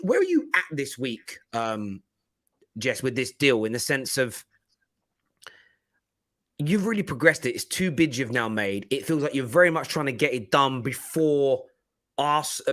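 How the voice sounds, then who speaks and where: A man hosting a football podcast in an animated, casual chat. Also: medium pitch, normal speed. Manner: animated, laughing, chatty.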